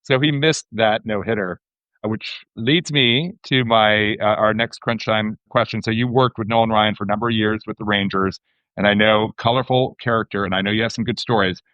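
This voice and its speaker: A man's voice: lowish voice, fairly even intonation, normal speed, fairly bright tone, dry recording. A man hosting a podcast, telling a rambling story before asking his interview question. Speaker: podcast host. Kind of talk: casual interview chat. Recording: slightly muffled, dry.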